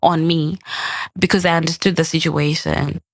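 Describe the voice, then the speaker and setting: A woman's voice: deep voice, moderate pace, creaky, no room sound. A young adult woman, a podcast guest, telling a personal story in casual chat and acting out the quoted lines. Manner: animated, acts out quoted dialogue.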